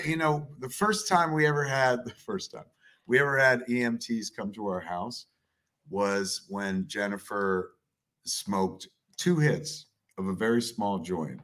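A middle-aged man telling a story as a guest on a live chat show, swearing constantly and animated. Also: medium pitch, unhurried.

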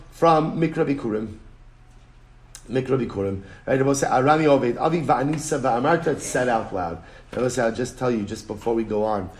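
Man, rabbi, Talmud lesson, animated, emphatic, repeats key phrases, mid-pitched voice. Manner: animated, emphatic, repeats phrases, switches between English and Hebrew-Aramaic terms. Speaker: rabbi teaching daily Talmud page. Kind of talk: Talmud lecture.

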